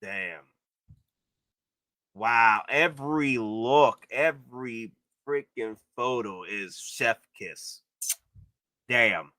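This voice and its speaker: A man hosting a live stream, commenting excitedly on collectible figures and gushing with repeated exclamations. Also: medium pitch, a little slow, dry recording, clean studio sound. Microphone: streaming setup.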